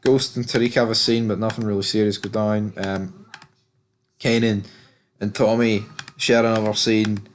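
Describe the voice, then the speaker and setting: A man's voice: on the low side, little pitch movement, normal speed, a little hiss or hum. A man giving a casual spoken recap of a TV episode, blunt and candid, swearing freely and talking loosely with plenty of fillers. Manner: loose and chatty, many fillers. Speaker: TV episode reviewer.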